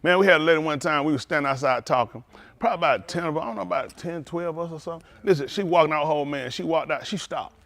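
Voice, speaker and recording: A man preaching a sermon as pastor, telling stories with lively calls out to his congregation. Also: on the high side, quick pace, no echo.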